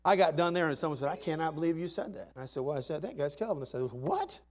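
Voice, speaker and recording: A man preaching a sermon in a folksy, emphatic way, dropping to soft asides and rising to loud climaxes. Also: fairly high pitch, lively intonation, very fast. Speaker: pastor. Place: church sanctuary.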